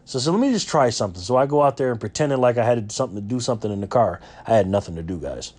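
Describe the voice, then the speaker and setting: A man's voice: fairly low pitch, rapid-fire, darkish tone. A man from New York, vlogging as he tells a chatty story with lots of fillers and restarts. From Rochester, New York. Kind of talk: casual storytelling.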